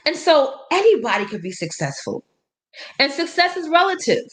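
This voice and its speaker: A woman life coach talking to her viewers in a motivational live stream. Her voice sits a little high and she lands each point with emphasis. She slips into a preaching cadence, quotes scripture and laughs between points. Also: very animated, normal speed.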